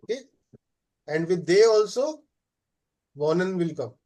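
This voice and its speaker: High-voiced teacher. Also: male voice, expressive, warm tone. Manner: explains slowly, checks with frequent "okay?"; many "uh" fillers. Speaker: German teacher. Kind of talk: live class lesson.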